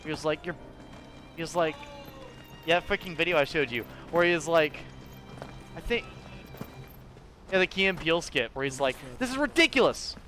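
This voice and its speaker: A man's voice: a little high, pushed and bright, soft background music. A young man casually commenting on a game as he plays, rambling, swearing freely and laughing often. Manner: profane, rambling, quick to laugh. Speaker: gamer playing through a game.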